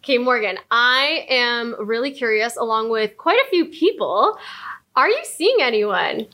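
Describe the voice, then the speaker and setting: A young woman in her twenties hosting a casual chat, talking quickly with lots of filler words and frequent laughs. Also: a little high, big pitch swings, pushed and bright. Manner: chatty, frequent "like" fillers, giggly. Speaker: podcast host.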